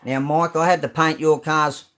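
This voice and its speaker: A man's voice: fairly high pitch, steady tone, normal speed, a bit bright. A middle-aged Australian man hosting a casual live stream, rambling through his model car builds with many ums and greeting viewers by name. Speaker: live stream host showing model cars.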